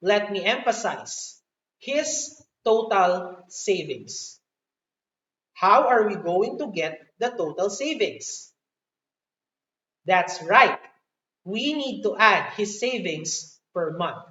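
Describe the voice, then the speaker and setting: Slow, patient Filipino woman teaching math. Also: medium pitch, animated, a bit bright. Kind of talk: live online math lesson. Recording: echoey room, distant dull mic.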